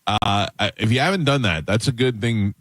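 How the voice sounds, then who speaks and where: Deep-voiced male radio host. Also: normal speed, dry recording. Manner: storytelling, animated when quoting others. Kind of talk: casual radio banter. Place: radio studio.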